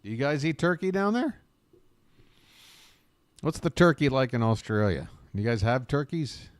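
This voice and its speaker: An American man streams live from his home abroad in Bangkok, rambling casually, chatting with viewers by name, and swearing some. His mid-range voice has lively intonation and a moderate pace, with clean studio sound and no room sound.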